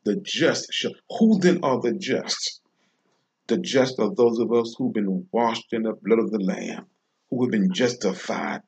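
A man delivering an informal devotional sermon, slow and emphatic, repeating phrases with long pauses. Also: fairly low pitch, a little mellow. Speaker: preacher.

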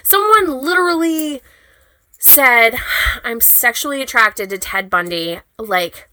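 A woman's voice: on the high side, lively intonation, slow pace, sharp tone, clean tone, no echo, low-quality recording. A woman co-hosting a casual chat podcast, rambling, swearing casually and tripping over words. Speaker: podcast co-host.

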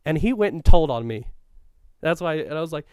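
Profane, rambling man with a clear voice. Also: a little high, lively intonation, brisk, darkish tone, dry recording, clean studio sound. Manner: profane, rambling, laughs often; stops to look things up mid-talk. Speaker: co-host reminiscing about school days. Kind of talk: casual chat.

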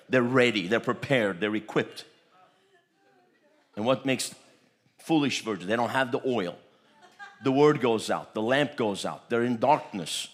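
Chuckling charismatic preacher, low-voiced man. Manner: repetitive, chuckling, bursts into tongues. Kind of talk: charismatic sermon.

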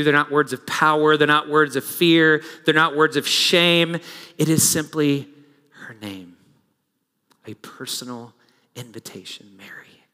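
A middle-aged man preaching a sermon as pastor, moving between hushed reflective passages and rising, urgent exhortation. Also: medium pitch. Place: church sanctuary. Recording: long reverb of a large hall.

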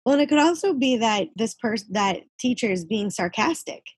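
A woman's voice: a little high, lively intonation, moderate pace, breathy edge, no room sound, studio quality. A woman chatting casually, laughing often and chiming in with short replies. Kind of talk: casual chat.

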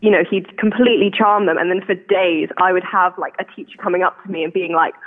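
A woman's voice: medium pitch, brisk. A woman with a posh southern English accent, chatting as a caller and laughing often at herself. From England. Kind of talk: casual chat. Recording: tinny phone line.

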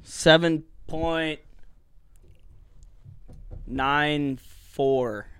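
A man's voice: fairly high pitch, steady tone, very slow, a bit bright, clear, resonant tone, no echo. A man co-hosting a casual podcast, reviewing beers with jokes and swearing. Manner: joking, profane, laughing. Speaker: podcast co-host. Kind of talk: casual chat, beer review.

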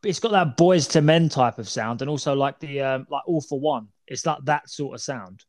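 A man chatting on a casual podcast, rambling and swearing a lot with animated delivery. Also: medium pitch, moderate pace. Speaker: podcast co-host.

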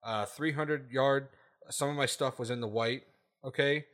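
Man, podcast host, bright tone, swearing, emphatic rant, casual chat. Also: medium pitch, steady tone, measured pace. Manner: emphatic ranting, keeps asking "okay?"; profane, laughs at his own points.

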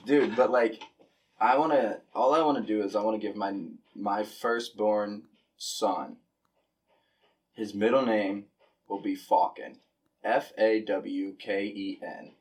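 A man's voice: fairly low pitch, fairly even intonation, takes it slowly, far from the mic. A young man hosting a podcast, chatting loosely and casually, with a lot of dude and bro and some swearing. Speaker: podcast host. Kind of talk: casual chat.

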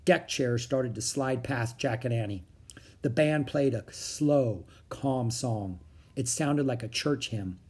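A reader narrating a children's book in a steady storytelling manner. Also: mid-range voice, takes it slowly, slightly rough. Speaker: audiobook reader.

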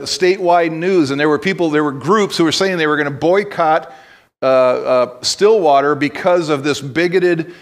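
A man preaching a sermon as pastor, telling stories conversationally and breaking into blunt exhortations, with frequent restarts. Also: on the high side.

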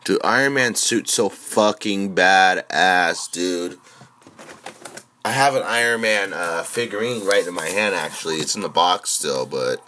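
A young man chatting casually while streaming, excitable and swearing constantly, swinging from mumbling to shouting. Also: sits low, unhurried, slight background noise. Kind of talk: casual profane livestream chatter.

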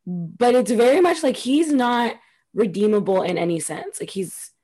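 A woman's voice: on the high side, expressive, moderate pace, dark tone, breathy edge. A woman co-hosting a casual podcast, giving blunt and slangy opinions on reality TV and laughing often. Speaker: podcast co-host. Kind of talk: casual chat.

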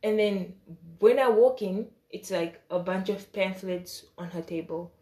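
A woman's voice: mid-range voice, a little slow. A woman telling a story in a casual, chatty way, with slang, asides and laughter, acting out the voices of the people in her story. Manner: animated, acts out quoted dialogue with shifting voice.

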